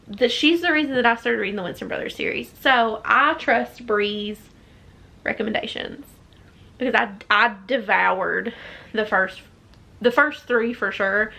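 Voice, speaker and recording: A woman's voice: a little high, gravelly, pushed and bright. Chatty young woman with a Southern accent. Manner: rambling, chatty, many fillers and restarts. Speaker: book vlogger. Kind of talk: casual chat.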